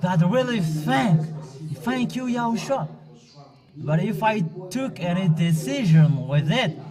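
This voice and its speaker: A man delivers a sermon in a high voice at an unhurried pace. He speaks haltingly, pausing and restarting often as he admonishes his listeners directly. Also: expressive, crowd noise. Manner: halting, with frequent pauses and restarts. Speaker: preacher.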